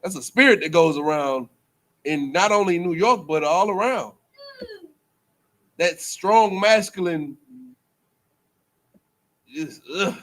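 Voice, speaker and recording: Slow and punctuated by long pauses, a man with a high, slightly bright voice preaches as a teacher at a religious school. He keeps things loose and jokey, laughing often, repeating himself, restarting phrases, and drifting into fillers.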